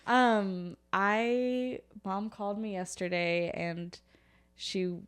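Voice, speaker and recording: A woman's voice: mid-range voice, steady tone, very slow, clean tone. Young woman co-host, dry humor, casual storytelling. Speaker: podcast co-host. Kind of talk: casual chat.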